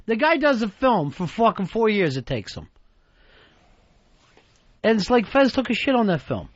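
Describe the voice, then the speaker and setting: A man's voice: sits high, big pitch swings, normal speed, long pauses, no room sound. A man hosting a radio talk show, blustering and mock-threatening, swearing freely. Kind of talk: profane radio banter. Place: radio studio. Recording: dull archival satellite radio broadcast.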